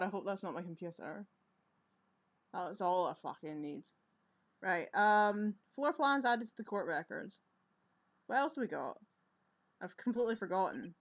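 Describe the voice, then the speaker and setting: A woman hosting a let's play, with loud, sweary, laughing commentary on a video game. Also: on the low side, dull audio. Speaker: gaming channel host.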